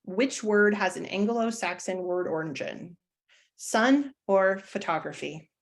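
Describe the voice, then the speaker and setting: Woman teacher, mid-pitched, loose and conversational webinar delivery, lots of ums, pokes fun at herself. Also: unhurried. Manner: chatty, self-deprecating, many fillers and restarts. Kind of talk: live online presentation.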